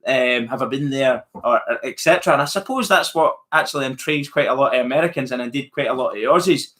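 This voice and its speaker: A man's voice: mid-range voice, fast talker, a bit bright. A man with a Scottish accent hosting a casual live-stream chat, musing aloud to viewers with plenty of fillers and restarts. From Scotland. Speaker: channel host answering live chat.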